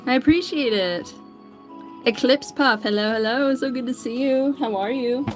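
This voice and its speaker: A woman's voice: high-pitched, moderate pace, faint music behind. A woman artist chatting casually on a livestream while she draws, greeting viewers by name in an upbeat, chatty way. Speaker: digital artist streamer.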